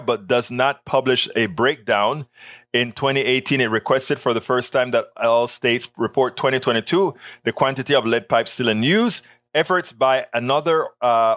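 A man hosting a political talk show, reading news articles aloud and breaking off into animated, sarcastic asides. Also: medium pitch, no room sound. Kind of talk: live-stream commentary reading news.

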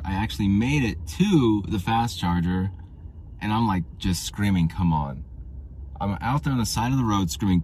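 A man hosting his own podcast, telling rambling, tangent-filled stories in a casual way, with audible vocal fry. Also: lowish voice, darkish tone, a little hiss or hum. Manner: rambling, tangent-prone storytelling. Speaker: podcast host.

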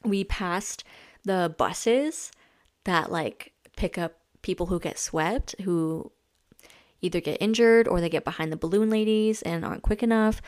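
A chatty young woman hosting a podcast, talking casually and leaning on "like" between thoughts. Her voice sits a little low for a woman. It is recorded close and dry, with no room sound. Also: a little slow, a little mellow, dry recording. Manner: chatty, lots of "like" fillers. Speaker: podcast host. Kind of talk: casual chat recounting a race.

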